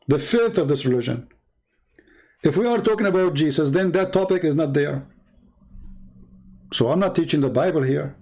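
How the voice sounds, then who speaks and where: A man's voice: a little high, darkish tone. A man hosting a livestream, talking in a blunt, combative and repetitive way. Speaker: host. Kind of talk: livestream commentary.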